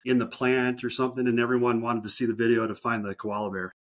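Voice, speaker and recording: Relaxed chatty male podcast host. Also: medium pitch, fast talker. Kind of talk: casual interview chat.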